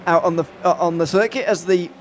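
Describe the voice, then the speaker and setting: A man commentating an online sim race, chatty and self-deprecating, with quick asides. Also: high-pitched, a little hiss or hum.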